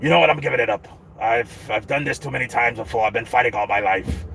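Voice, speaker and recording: A man's voice: mid-range voice, quick pace, creaky, a bit bright, a little hiss or hum. A man putting on the voice of a proud, boastful heavyweight boxer, speaking with swagger and self-assurance. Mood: musing.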